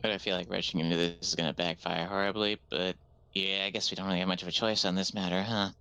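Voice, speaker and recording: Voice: deep voice, little pitch movement, fast talker, sharp tone, clear, resonant tone. A player in a tabletop fantasy game speaking in character, wry and sarcastic.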